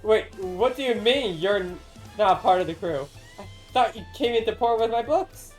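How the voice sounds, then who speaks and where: A woman's voice: mid-range voice, animated, moderate pace, darkish tone, faint music behind, pitched above the performer's own voice, lightly acted. Brief: woman reading as a friendly taco-stand cook for a game stream, chatty and upbeat. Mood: cheerful. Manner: chatty, friendly, laughs at her own slips.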